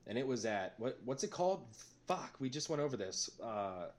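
Rowdy jokey young man, lively pitch. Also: moderate pace. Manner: rowdy, jokey, laughs often, crude humor. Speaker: podcast co-host. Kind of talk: casual chat.

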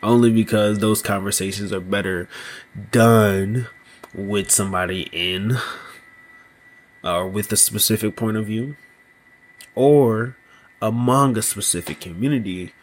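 A man hosting a solo podcast, talking slowly and loosely, often asking "you know what I mean". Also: on the low side, a little hiss or hum. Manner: slow, thoughtful delivery with small laughs. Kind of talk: casual solo podcast monologue.

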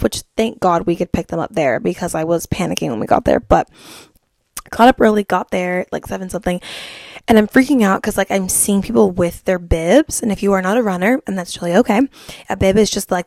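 Brief: chatty woman solo-podcast host, bubbly and rambling, mid pitch, dry close sound. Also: vocal fry, a little mellow, no room sound. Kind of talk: casual solo podcast chat.

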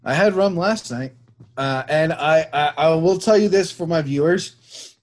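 A man's voice: a little high, a little slow, a little mellow. Rambling man hosting a casual chat show. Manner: rambling, with many fillers and restarts. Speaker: show host.

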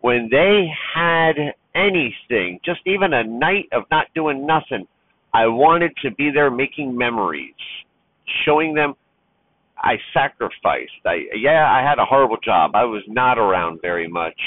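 A man's voice: mid-range voice, animated, measured pace, no room sound. A man who drives trucks talks heartfelt and near tears about being a father, rambling with restarts. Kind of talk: personal vlog monologue. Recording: tinny phone-like sound.

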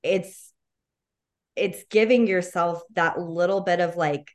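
Woman podcast guest, slightly low voice, relaxed and reassuring. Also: slow pace. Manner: casual and encouraging, many "like" and "you know". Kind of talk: casual podcast interview.

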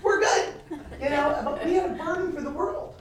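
An older woman preaching a sermon, telling lively stories with laughter in a preaching cadence. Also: extremely high pitch, normal speed. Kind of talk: sermon with storytelling. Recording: echoey room picked up from a distance.

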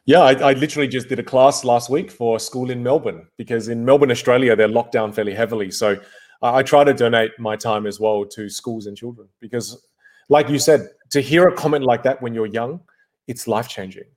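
This is a male voice coach speaking as a guest on a podcast. He talks in an emphatic, energetic coaching manner, at a middle pitch. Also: a little fast. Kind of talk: interview conversation.

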